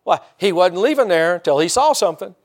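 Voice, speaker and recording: Guy preaching, chatty sermon, talks right to the crowd, voice a bit high. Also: animated, quick pace. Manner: conversational preaching, talks to the congregation. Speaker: pastor.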